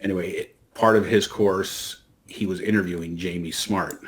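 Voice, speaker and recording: Deep-voiced man rambling through a story. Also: steady tone, moderate pace, a little hiss or hum. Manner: rambling storyteller with many restarts. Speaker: podcast co-host. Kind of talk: casual chat.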